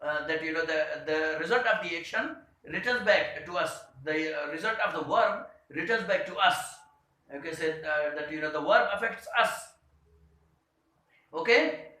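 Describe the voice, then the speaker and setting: High, bright-voiced man teaching grammar. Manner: hesitant, many fillers, slows to read example sentences. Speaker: English teacher. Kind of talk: grammar lesson. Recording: very echoey room.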